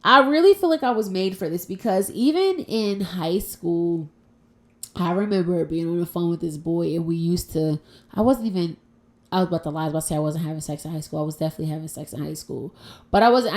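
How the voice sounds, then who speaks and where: A woman's voice: lowish voice, quick pace. A woman hosting a casual solo podcast from home, talking in a frank, profane and playful way. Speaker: podcast host.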